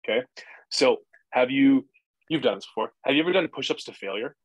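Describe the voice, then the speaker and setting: A man's voice: medium pitch, a little fast, slightly rough, no room sound, rough recording. Fired up cursing guy on a podcast, dry close sound, acts out voices. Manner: energetic and profane, acts out inner voices. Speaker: podcast guest. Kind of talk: casual interview chat.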